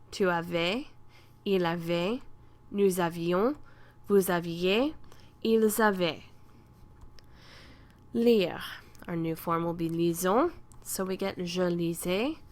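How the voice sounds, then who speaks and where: A woman teaching a French grammar lesson, explaining rules patiently and slowly drilling verb conjugations. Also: fairly low pitch.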